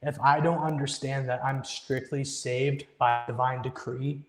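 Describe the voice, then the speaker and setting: A man's voice: medium pitch, fairly even intonation, unhurried. A young man earnestly telling a personal story as a guest in an interview, often quoting his own past thoughts with emphasis. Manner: earnest, emphatic storytelling with quoted inner speech. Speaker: guest musician. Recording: echoey room with long reverb.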